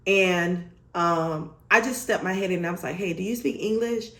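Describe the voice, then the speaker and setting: A young woman vlogger telling a storytime story in an animated, emphatic way, swearing freely. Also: fairly low pitch, moderate pace. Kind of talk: storytime vlog. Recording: roomy echo.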